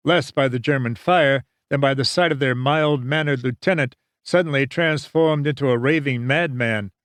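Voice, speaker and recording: A man's voice: fairly high pitch, no room sound. Dry-sounding male audiobook narrator. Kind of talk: scripted narration.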